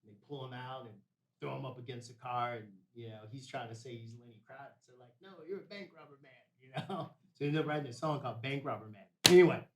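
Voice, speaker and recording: A man of ordinary pitch recounts a story as a guest on a talk show. He speaks loosely and casually, tossing in "man" and "bro" as he goes. The sound carries a noticeable roomy echo. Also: fast talker, fairly bright tone, far from the mic. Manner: laid-back, peppers speech with "man" and "bro". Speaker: podcast guest.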